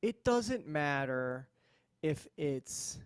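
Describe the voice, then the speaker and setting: A man's voice: a little high, sing-song, drawn-out words, smooth. A man co-hosting a live podcast in casual chat, wry and mocking, speaking in short bursts over a video call. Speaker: podcast co-host.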